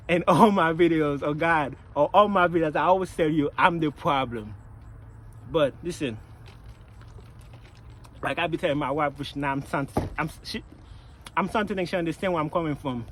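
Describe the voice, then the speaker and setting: A man's voice: on the high side, slight background noise, rough recording. A man telling work stories in a casual venting vlog, full of swearing and repeated phrases. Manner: profane, repetitive, animated storytelling. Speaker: vlogger, package handler.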